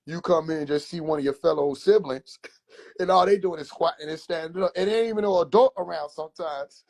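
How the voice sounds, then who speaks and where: A man livestreaming from his phone, casually telling animated, profane childhood stories and laughing between lines. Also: on the high side, a little fast, gravelly. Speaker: comedian livestreamer. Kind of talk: casual comedic storytelling.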